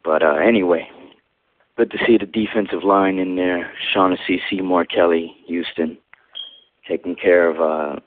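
A man calling in to a fan show, rambling, with many pauses and fillers. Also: low voice, fairly even intonation, dry recording. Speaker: caller. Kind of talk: phoned-in voicemail to a fan show. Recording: tinny phone line.

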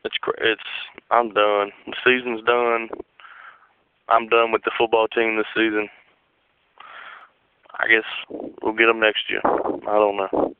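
A man's voice: lowish voice, level tone, a little slow, pauses often, clear, resonant tone, dry recording. A disgusted male caller venting and swearing about his team on a call-in show. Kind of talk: call-in rant. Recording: dry phone line.

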